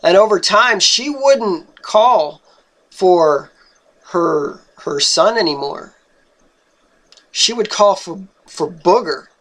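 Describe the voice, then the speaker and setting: A young man with a notably high voice tells a personal story at an unhurried, deliberate pace. He speaks earnestly and haltingly, stumbling over and repeating words as he searches for them. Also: expressive, a bit bright.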